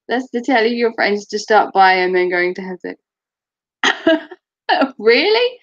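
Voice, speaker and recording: A woman's voice: on the high side, drawn-out words, long pauses, dull audio. A woman chatting casually to camera as a vlogger, giggly and teasing.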